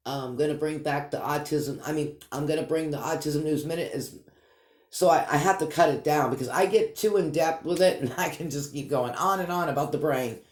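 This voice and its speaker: A man's voice: fairly high pitch, a little fast. A man with a Boston accent, chatting casually and rambling upbeat to his vlog viewers. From Massachusetts. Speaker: vlog host. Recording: echoey room.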